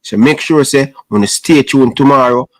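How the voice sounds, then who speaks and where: A man hosting a call-in sports talk show, brisk and teasing, calling people brother. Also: mid-range voice, no room sound, low-quality recording. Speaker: host.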